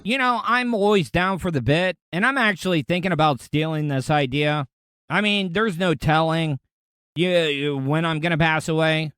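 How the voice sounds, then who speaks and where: A man talks through a casual monologue in a smooth, clean voice that sits a bit high. The sound is close and dry, and he speaks bluntly and candidly. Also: normal speed, a bit bright, dry recording. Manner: blunt, profane, candid storytelling. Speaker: podcast host.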